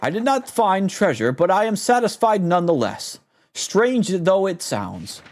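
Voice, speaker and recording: A man's voice: high voice, very animated, a little slow, pitched above the performer's own voice, exaggerated voice. A man voicing a pompous, vain adventurer with theatrical, self-praising delivery in a fan dub of a game.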